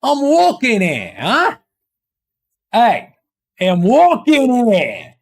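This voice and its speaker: A man putting on a brash street-tough New Yorker voice, loud and indignant. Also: extremely high pitch, huge pitch swings, very slow, vocal fry, pitched above the performer's own voice, full character voice.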